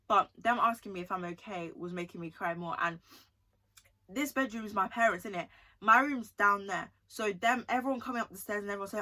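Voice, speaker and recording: Bright-voiced young woman telling a story. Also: mid-range voice, fairly quick. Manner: chatty, emotional, often asks 'do you know what I mean'. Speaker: vlogger. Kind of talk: storytime vlog.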